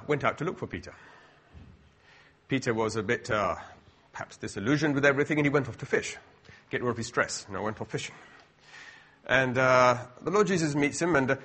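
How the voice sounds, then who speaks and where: A man's voice: medium pitch, moderate pace, pushed and bright. A middle-aged man preaching a sermon in a conversational way, full of asides and rhetorical questions.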